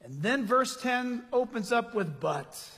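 A man preaches a lively sermon, firing off rhetorical questions at his congregation. His voice sits very high and has a husky edge. The sound rings with the long reverb of a large church hall. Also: slow pace. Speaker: pastor.

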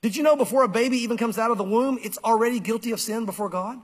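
A man's voice: very high-pitched, racing, husky. A man preaching a sermon to a congregation, emphatic and conversational, repeating key phrases. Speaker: pastor. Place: church.

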